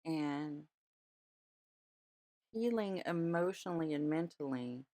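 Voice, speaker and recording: A woman's voice: low-pitched, animated, slow pace, warm tone, dry recording. A woman hosting a podcast in a chatty, reassuring way, often checking in with her listeners. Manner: chatty, reassuring, many "all right?" check-ins. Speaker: podcast host. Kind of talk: casual spiritual talk.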